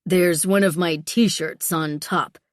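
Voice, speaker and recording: A gruff, taciturn mountain guide, big and few of words, voiced by a woman reading an audiobook. He answers in short, clipped grumbles, in a low voice with a dry, close sound. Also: steady tone, takes it slowly, no room sound. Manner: curt, clipped grumbling replies. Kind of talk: audiobook character voice.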